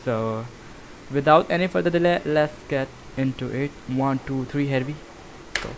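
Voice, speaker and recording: A man's voice: mid-range voice, normal speed, slight background noise, poor audio. A man from Pakistan hosting a reaction video, greeting viewers and plugging his channel. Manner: greets viewers and plugs the channel in a flat, easy tone. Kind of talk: casual reaction-video intro.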